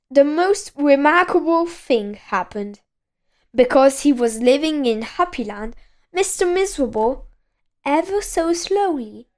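A woman reads a children's storybook aloud in a high voice, keeping a slow, unhurried pace. She keeps breaking into giggles as she reads.

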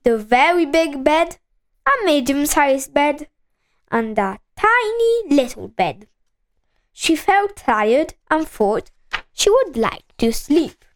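Slow-reading woman. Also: high voice, very animated. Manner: slow and clearly enunciated for children. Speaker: storyteller. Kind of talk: storybook read-aloud.

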